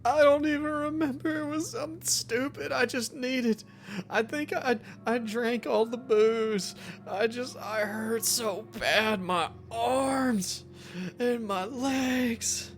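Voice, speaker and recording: A man's voice: extremely high pitch, takes it slowly, voice pushed up, exaggerated voice. A man doing a sobbing injured young man. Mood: pleading. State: crying.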